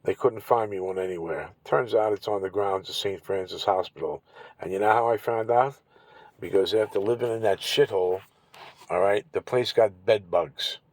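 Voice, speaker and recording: A man telling his own story to camera, angry and profane, often clearing his throat and repeating himself. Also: lowish voice, normal speed, no room sound, low-quality recording. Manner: bitter and indignant. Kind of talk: angry personal account to camera.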